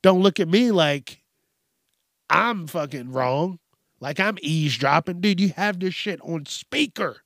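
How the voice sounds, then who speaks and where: A man's voice: expressive, measured pace, fairly bright tone, dry recording, clean studio sound. A man hosting a podcast, ranting casually and profanely about everyday annoyances, with an exasperated tone. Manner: profane, exasperated, mimics people in high voices. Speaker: podcast host.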